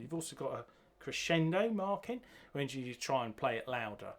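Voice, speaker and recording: A man teaching a bass guitar piece, counting beats and singing the rhythms aloud as he goes. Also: expressive, a little fast, few pauses, phone-quality sound. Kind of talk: music lesson walkthrough. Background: bass guitar playing.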